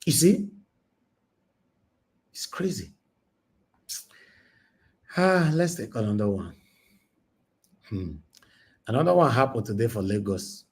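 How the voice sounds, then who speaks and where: A man with a Nigerian accent hosting a casual news reaction stream, animated and mixing Pidgin with English, often asking "Eh?". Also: medium pitch, slow, pauses often. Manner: animated, switches between Pidgin and English, exclaims "Eh?". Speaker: news commentary host.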